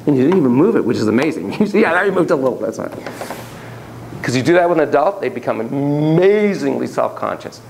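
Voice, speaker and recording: A man's voice: medium pitch, lively intonation, fast, creaky, a little mellow, slight background noise, low-quality recording. A man giving a classroom lecture on child therapy, acting out quotes in shifting voices.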